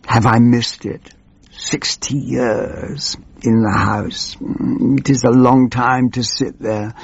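Man playing a gravelly, plummy old MP, slow, pompous, rambling; muffled lo-fi sound. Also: medium pitch, fairly even intonation, heavily acted. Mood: musing. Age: older. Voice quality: creaky, husky, plummy. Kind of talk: comic monologue.

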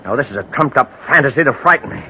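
An actor playing a guilt-ridden murderer husband, jittery and swinging from bluster to panic, in 1940s radio acting style. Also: male voice, mid-range voice, animated, rapid-fire, sharp tone. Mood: nervous. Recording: dull old radio broadcast, faint hiss.

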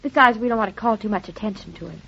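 An actress playing an affectionate, gushing young wife in vintage radio drama style. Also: female voice, medium pitch, very fast, creaky, fairly bright tone, slightly rough. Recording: dull lo-fi old recording.

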